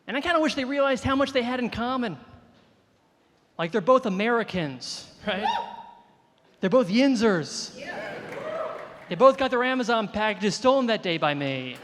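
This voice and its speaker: High-pitched male comic, self-deprecating storyteller, live room with long reverb. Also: expressive, normal speed, pauses often, noisy background. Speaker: stand-up comedian. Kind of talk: stand-up comedy set.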